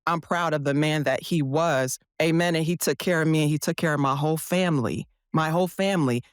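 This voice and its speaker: A woman's voice: sits low, brisk, clean tone, no room sound, studio quality. A woman therapist speaking as a podcast guest, passionate and emphatic, often asking rhetorical questions. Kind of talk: casual podcast conversation.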